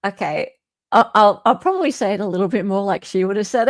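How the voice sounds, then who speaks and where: An Australian woman hosting a casual commentary show, chatty and animated, with the odd swear word thrown in. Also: medium pitch, fast, no room sound, studio quality. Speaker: host.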